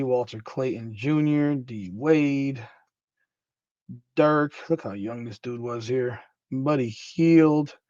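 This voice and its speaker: A man hosting a casual card-opening video, rattling off names in quick offhand lists as he goes. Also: mid-range voice, darkish tone, dry recording. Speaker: card-breaking host. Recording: dry, slightly dull recording.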